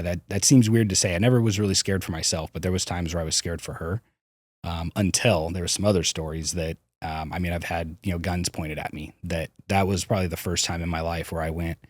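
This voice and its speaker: On a podcast, a man with a low voice shares candid stories from his childhood. He is open and profane, often breaking off to begin a sentence again, and the studio-quality audio has no echo.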